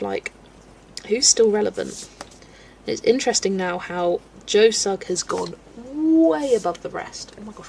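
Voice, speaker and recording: Her voice is medium-pitched, gravelly, and mellow as this twenty-something woman from England, who has a West Country accent, colours on a live stream. She chats casually, thinks aloud, and laughs often, though the audio is poor with slight hiss or hum.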